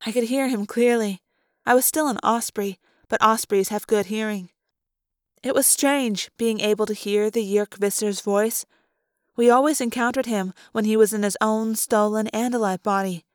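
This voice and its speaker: A woman narrating a novel in the first person, calm and steady, in a fan audiobook. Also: fairly high pitch, normal speed, smooth, dry recording, studio quality. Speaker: audiobook reader.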